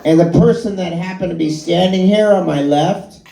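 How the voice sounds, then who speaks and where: A man's voice: sits high, moderate pace, gravelly, crowd noise. A middle-aged man doing stand-up comedy in a bar and grill, telling rambling, self-deprecating, profane anecdotes. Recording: echoey live room.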